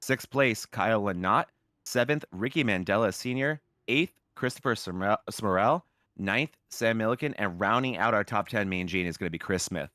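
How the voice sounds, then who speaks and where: A man's voice: on the low side, normal speed, sharp tone, dry recording, clean studio sound. A man doing lead commentary on a sim racing broadcast, upbeat and chatty, sometimes tripping over names.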